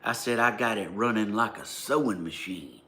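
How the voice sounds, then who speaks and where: A man with a Georgia-style Southern accent tells a story straight to the camera. His voice sits a little low, and he talks in a blunt, plainspoken way with an indignant edge. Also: normal speed, pushed and bright. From Southern United States. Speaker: vlogger. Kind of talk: casual storytelling.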